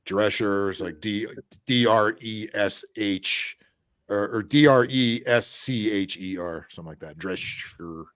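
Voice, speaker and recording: A man's voice: lowish voice, a bit bright, no echo. A man in casual chat, swearing often and restarting his sentences. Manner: profane, halting with repeated restarts.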